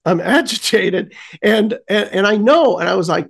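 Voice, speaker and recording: Gravelly, animated man telling a story. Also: sits high, brisk, few pauses. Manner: animated, acts out scenes with sound effects and many restarts. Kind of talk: casual storytelling chat.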